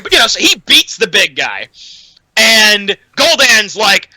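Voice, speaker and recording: A young man rants casually about a film on a podcast, swearing freely and filling gaps with "um". His voice is high, bright and very lively. The sound is close and dry. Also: measured pace, no echo, rough recording. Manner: animated, profane, lots of "um"s. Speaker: podcast co-host. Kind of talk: casual chat, film rant.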